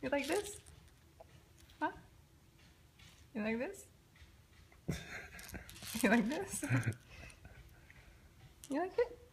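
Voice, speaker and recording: Coaxing mother in lively baby talk. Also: high-pitched, very slow, long pauses, a little hiss or hum. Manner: coaxing, sing-song, often half-whispered.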